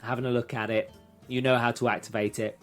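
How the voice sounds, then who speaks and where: Male game master narrating a tabletop scene at an even pitch, faint music underneath. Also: quick pace.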